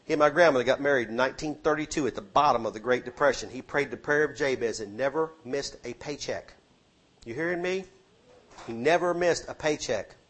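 A middle-aged man preaching a sermon with emphatic delivery that swings between booming and hushed. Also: fairly quick. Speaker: pastor.

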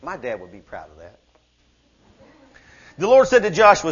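High-voiced fervent male preacher. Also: sing-song, moderate pace, pauses often, slightly rough, dull audio. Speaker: pastor. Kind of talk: sermon. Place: church service.

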